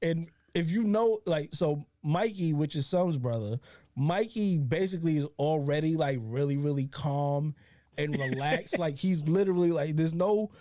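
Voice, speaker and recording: Podcast co-host, fairly high-voiced man, animated storyteller, dry close sound. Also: normal speed, dry recording. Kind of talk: casual chat, storytelling.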